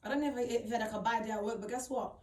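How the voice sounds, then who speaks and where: A young woman recounts a personal story in a blunt, slangy way, swearing freely and hammering points through repetition. Her voice sits a bit high. She sounds set back from the mic in an echoey room. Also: steady tone, rapid-fire, a little mellow, far from the mic. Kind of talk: casual storytime monologue.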